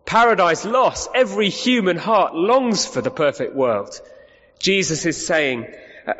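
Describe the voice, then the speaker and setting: A man's voice: on the high side, fairly bright tone. A male preacher delivering an emphatic sermon, asking the congregation rhetorical questions and often restarting his sentences. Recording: reverberant hall, muffled sound.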